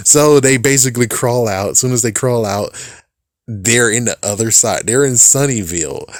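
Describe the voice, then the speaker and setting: A man's voice: medium pitch, normal speed, no echo, studio quality. A man giving a casual, rambling spoiler recap of a movie, swearing often and laughing at it. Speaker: movie reviewer.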